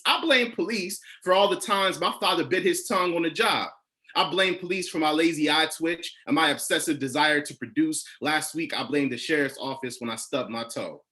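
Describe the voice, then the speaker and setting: Spoken word poet from Ohio, male, somewhat high voice, rhythmic declamation. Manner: rhythmic, building to loud declamation. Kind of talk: spoken word poetry performance.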